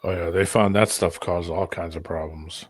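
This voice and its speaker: A man's voice: deep voice, fairly even intonation, moderate pace, no echo. A man in a casual chat, mostly chiming in with brief agreement.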